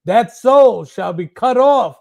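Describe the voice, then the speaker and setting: High-voiced man reading bible verses real slow and careful. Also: animated, gravelly. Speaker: scripture reader.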